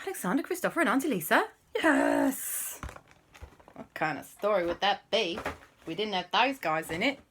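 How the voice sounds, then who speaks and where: A woman's voice: mid-range voice, big pitch swings, normal speed, fairly bright tone, slight background noise. A woman with a playful, chatty manner, making up and telling a story for children. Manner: playful, chatty, jumps into silly voices. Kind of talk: improvised story narration for children.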